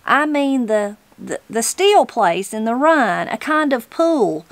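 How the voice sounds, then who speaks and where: A woman's voice: on the high side, lively intonation, slow pace, no room sound. A woman voicing a spry, hospitable old mountain granny in a storybook reading.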